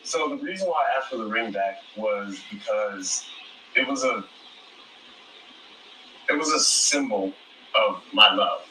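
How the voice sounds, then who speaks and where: A man answering questions at a reunion, measured and defensive, heard from a distance in an echoey space. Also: lowish voice, expressive, bright, forceful tone, a little hiss or hum. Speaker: reality show contestant.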